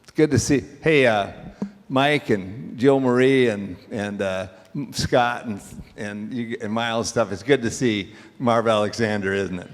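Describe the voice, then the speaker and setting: At a graduation ceremony for an auctioneering school, a man serves as emcee, joking in a folksy way as he calls people up. His voice is on the low side with a measured pace, and the recording has long hall reverb.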